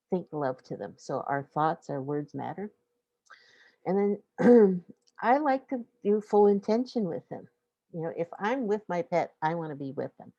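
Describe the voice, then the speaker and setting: A woman's voice: low voice, vocal fry, warm tone, dry recording, muffled recording. A middle-aged woman hosting a webinar on pets and emotions, talking casually and often laughing as she acts out what owners and pets might say. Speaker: webinar host on pet emotions. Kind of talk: informal webinar talk.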